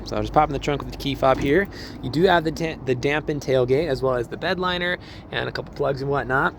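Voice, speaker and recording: A car salesman with a slightly hoarse, mid-range voice talks fast while giving a casual, upbeat walkthrough of a truck, laughing often. He records outdoors on a cold car lot, with noise in the background.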